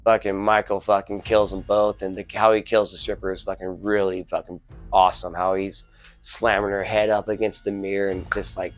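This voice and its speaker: Lowish-voiced man ranting a profane movie review. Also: level tone, normal speed, soft background music. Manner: rambling, heavily profane, filler-laden. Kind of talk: casual spoken film review.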